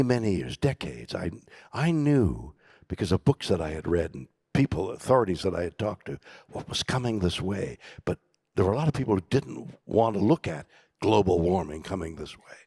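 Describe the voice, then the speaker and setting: Older male keynote guest, theatrical storyteller with a lively, swooping delivery and a dry close sound. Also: lowish voice, creaky, slightly rough, no room sound. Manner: theatrical, swings from loud bursts to hushed whispers. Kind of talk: dramatic storytelling conversation. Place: conference stage.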